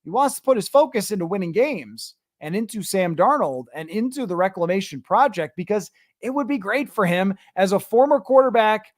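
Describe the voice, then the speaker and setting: A man with a fairly high voice hosts a sports podcast in a loose, conversational way, reading out viewer comments and answering them with opinionated asides. The sound is dry and close, with no room echo. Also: expressive, a little fast, few pauses. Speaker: podcast host.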